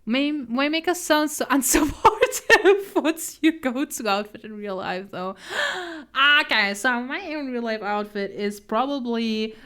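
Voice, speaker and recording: A woman's voice: high voice, lively intonation, measured pace, fairly bright tone. A young woman art streamer chatting casually while she draws, laughing often, flustered and self-deprecating. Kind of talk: casual chat while drawing.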